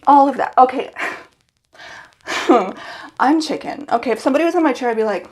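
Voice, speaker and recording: This young woman's voice is high and animated, and her delivery is brisk. She works as a hairstylist and is filming herself on her phone in her home bathroom, giggling nervously through casual vlog-style self-talk.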